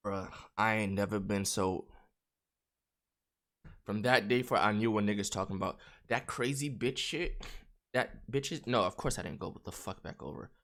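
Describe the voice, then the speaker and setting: A man's voice: fairly low pitch, moderate pace, a bit bright. A young man, a streamer, telling a story in casual, slangy, profane talk with lots of filler words.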